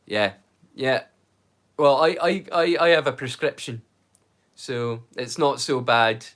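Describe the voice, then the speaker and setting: Medium-pitched, slightly bright, and slow-paced, a Scottish livestream host in his thirties chats casually. He tends to ramble and repeats words when beginning a sentence.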